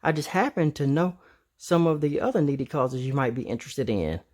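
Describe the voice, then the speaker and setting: A man's voice: a little high, expressive, a little fast, darkish tone, natural voice. A man reading a storybook aloud, voicing a mischievous, scheming boy chipmunk with a cheeky, wheedling manner.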